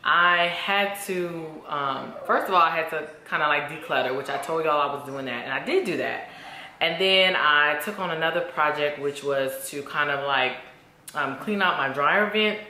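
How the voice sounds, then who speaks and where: Chatty woman vlogger, bright echoey room. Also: low voice, normal speed. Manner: chatty, candid, says y'all a lot. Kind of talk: casual vlog chat to camera. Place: at home.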